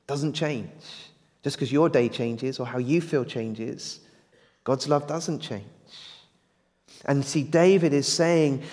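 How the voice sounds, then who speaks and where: A man's voice: medium pitch, takes it slowly, darkish tone. Preacher man in a reverberant hall. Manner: earnest, building to emphatic, asks the congregation questions. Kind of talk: evening sermon.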